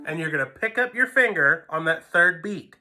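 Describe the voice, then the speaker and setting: A man's voice: a little high, lively intonation, normal speed, pushed and bright. A man giving a patient music lesson, counting beats aloud and explaining notes to his students. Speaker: string teacher. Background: violin playing.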